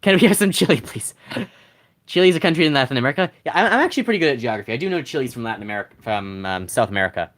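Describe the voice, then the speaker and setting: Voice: mid-range voice, very animated, rapid-fire, few pauses, fairly bright tone. Streamer rambling at chat, voice jumps up and down a lot, keeps restarting sentences. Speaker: game streamer. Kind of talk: casual live-stream chat.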